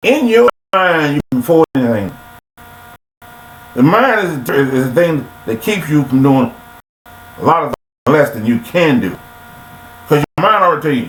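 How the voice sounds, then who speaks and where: A man's voice: a little high, very animated, normal speed, pauses often, fairly bright tone. Man preaching life advice in an echoey room. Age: adult. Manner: repetitive, preachy, full of rhetorical questions. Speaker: motivational speaker. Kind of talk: casual motivational monologue. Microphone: computer webcam mic. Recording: echoey room with faint mains hum.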